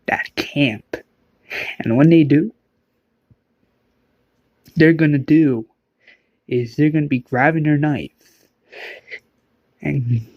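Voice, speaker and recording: A man's voice: on the high side, dry recording. A man doing a gloating treacherous woman. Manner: taunting, gleeful cruelty.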